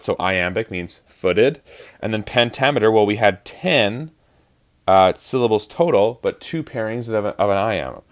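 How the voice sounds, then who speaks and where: A man teaching actors about verse rhythm in a lecture, explaining patiently and counting out beats to show stress. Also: fairly low pitch. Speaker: acting teacher.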